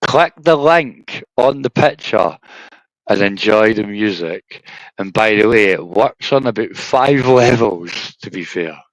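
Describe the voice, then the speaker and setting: A man's voice: lowish voice, lively intonation, slow pace, no room sound, poor audio. A Scottish man hosting a livestream, chatting casually in a rambling, sweary way and tacking "right?" onto his sentences. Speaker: livestream host. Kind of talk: casual chat.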